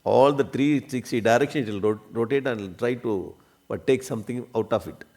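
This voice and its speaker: A man's voice: medium pitch, brisk, a little mellow. A man teaching a spiritual discourse, often checking that listeners follow and coughing now and then. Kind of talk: religious discourse.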